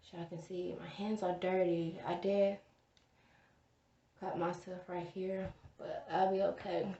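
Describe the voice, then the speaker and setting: Young female vlogger, unhurried and low-pitched, rambling and tired, a little far from the mic. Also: level tone, warm tone, lo-fi sound, a little hiss or hum. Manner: rambling, many fillers, stressed and tired. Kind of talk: casual vlog talk to camera.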